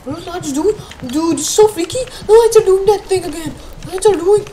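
A woman's voice: very high voice, a little fast, warm tone, rough recording. A woman commenting on a horror game as she plays, easily spooked and exclaiming often. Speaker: gaming streamer. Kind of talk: live gameplay commentary. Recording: noticeable background noise.

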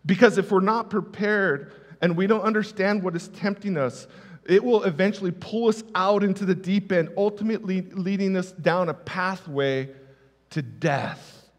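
A man's voice: high-pitched, normal speed. A male pastor giving a conversational sermon with personal stories, stressing key words by repeating them. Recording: reverberant hall.

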